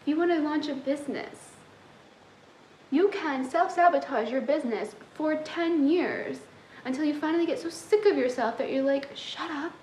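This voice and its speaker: A woman's voice: high-pitched, normal speed, a little mellow, roomy sound, a little hiss or hum, poor audio. A young woman who coaches manifestation, giving a sassy, tough-love motivational talk straight to her viewers.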